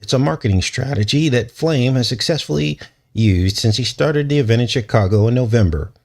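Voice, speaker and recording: A man's voice: medium pitch, animated, fairly quick, gravelly, darkish tone. A man doing a goofy mock newscaster. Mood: mock-serious. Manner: exaggerated mock-serious news reading. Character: silly overblown male TV newscaster.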